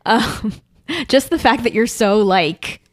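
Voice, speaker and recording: A woman's voice: a little high, expressive, slow pace. A woman co-hosting a podcast, chatting casually, teasing and laughing often. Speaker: podcast co-host. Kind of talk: casual chat.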